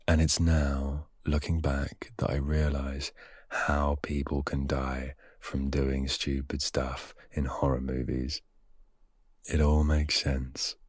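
A young man with a very low, husky voice chats on his own podcast, wandering into self-mocking asides as he reads. The sound is dry and close, with no room around it. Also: dry recording. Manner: rambling, self-mocking asides while reading aloud. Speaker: podcast host. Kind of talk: casual solo podcast chat.

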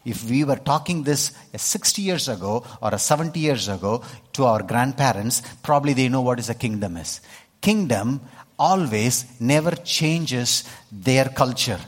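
A husky-voiced man with an Indian accent delivers a sermon, pressing his points and regularly checking in with the congregation. His voice rings out with a long reverb, as if heard in a large church hall. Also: medium pitch, lively intonation, moderate pace. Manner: emphatic, keeps checking in with the congregation. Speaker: pastor.

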